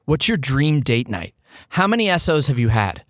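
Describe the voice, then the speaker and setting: Lively, teasing man on a dry mic. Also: medium pitch, normal speed, no echo. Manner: teasing, playful, laughs often. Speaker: podcast co-host asking questions. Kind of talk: casual chat.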